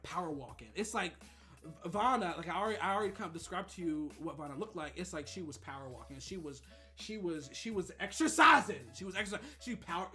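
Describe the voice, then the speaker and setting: A man streaming, telling a gossipy story in a casual, animated way and acting out other people's voices. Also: fairly high pitch.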